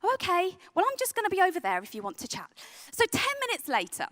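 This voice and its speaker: A young adult woman who works with youth, giving an earnest sermon that drops to a soft, hushed tone on heavy points. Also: very high-pitched, huge pitch swings, fast talker. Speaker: youth worker and speaker. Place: event venue.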